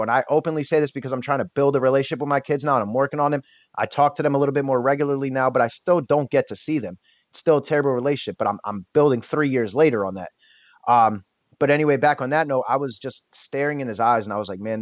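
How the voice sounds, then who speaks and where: A man's voice: medium pitch, no room sound, muffled recording. Candid man telling his recovery story. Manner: candid, swears casually, restarts often. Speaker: podcast guest. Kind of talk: emotional personal storytelling.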